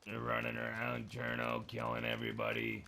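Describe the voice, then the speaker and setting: A man with a heavy gravelly rasp and a bright, forward tone banters with other players during a game. He teases and swears freely in a loose, easygoing way. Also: mid-range voice, completely flat delivery, moderate pace, a little hiss or hum. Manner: joking, teasing, swears freely. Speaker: streamer. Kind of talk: casual game voice chat.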